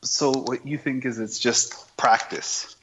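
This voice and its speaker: A man's voice: medium pitch, steady tone, takes it slowly, fairly bright tone, highs cut off, slight background noise. A man co-hosting a podcast in casual, teasing chat.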